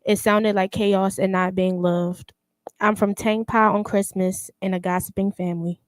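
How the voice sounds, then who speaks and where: A young woman reading her own spoken word poem in an even, controlled recitation. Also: mid-range voice, normal speed, no room sound. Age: young adult.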